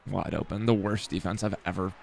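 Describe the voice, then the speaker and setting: A man's voice: sits low, steady tone, a little fast, creaky, darkish tone, slight background noise. Man muttering over a football video game. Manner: swearing, self-deprecating, talks to himself while playing. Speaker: gaming streamer. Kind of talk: casual gameplay commentary.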